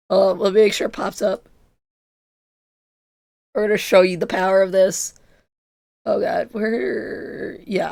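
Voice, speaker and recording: A woman's voice: medium pitch, gravelly. A woman in her twenties streaming and chatting casually, giggly and self-mocking, her voice strained from illness. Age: 20s. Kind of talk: casual chat with chat.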